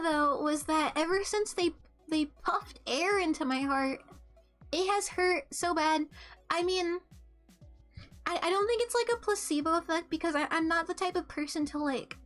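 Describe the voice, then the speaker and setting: A young adult woman streamer chats casually about her day, rambling with lots of ums and restarts and coughing with a mucus-filled throat. Her voice is high-pitched and a bit bright.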